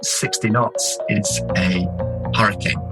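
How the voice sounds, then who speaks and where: A man from England, an explorer guest, telling a story in a casual, lively way. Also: lowish voice, slow pace, rough recording. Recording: music bed under voice.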